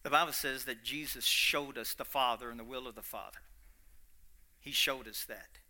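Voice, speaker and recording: A man preaching a sermon with a Kentucky accent, folksy and animated, swinging between quiet asides and loud emphatic bursts. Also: medium pitch, normal speed.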